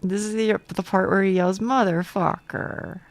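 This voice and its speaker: A woman's voice: medium pitch, little pitch movement, fairly quick, a little mellow, dry recording, faint music behind. A young woman streaming a game from home on a close mic, chatting casually with chat, self-deprecating, stammering and swearing.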